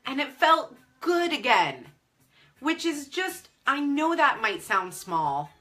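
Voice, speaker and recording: A woman's voice: high voice, slow, faint music behind. A woman coach talking candidly and emotionally to viewers on a live video stream, close to tears at times. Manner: animated, candid. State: tearful. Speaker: online business coach. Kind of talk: Facebook Live chat.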